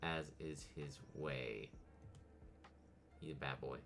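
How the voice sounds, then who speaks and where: A man streaming while he draws, chatting casually with viewers and coaxing his pet cat in a relaxed, soothing way. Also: very deep voice, slow pace, creaky. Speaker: VTuber streamer drawing on stream.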